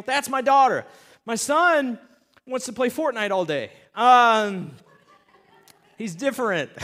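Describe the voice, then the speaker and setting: A man with a notably high voice preaches in an animated, storytelling way. He speaks directly to his listeners as a pastor delivering a sermon. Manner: animated storytelling, talks straight to the audience.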